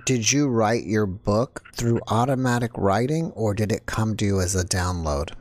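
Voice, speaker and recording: Low-voiced man, calm interviewer. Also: normal speed, no room sound. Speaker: podcast host. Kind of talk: interview questions.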